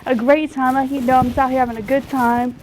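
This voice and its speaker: A woman doing a spacey young pop star who rambles in a laid-back, slangy drawl. The voice sits high, and a faint hiss hangs behind it. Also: little pitch movement, fast talker, darkish tone, close to an everyday voice, rough recording. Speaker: celebrity guest parody. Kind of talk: comedy sketch acting.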